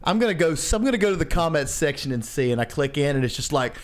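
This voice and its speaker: A man co-hosting a podcast, telling stories in casual chat, animated, swearing and laughing often. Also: a little high, quick pace, a little hiss or hum. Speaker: podcast co-host.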